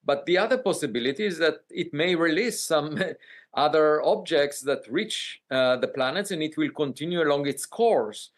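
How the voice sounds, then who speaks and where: A man answering as a scientist in a news interview, with a fairly high voice. He talks in a measured way and pauses often on hesitant fillers.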